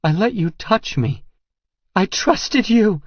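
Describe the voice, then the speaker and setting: A man's voice: slow pace, dry recording. A man voicing a frantic, terrified young woman. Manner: shrill, pleading outbursts. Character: frightened young woman, distrustful and desperate. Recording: dull, lo-fi sound.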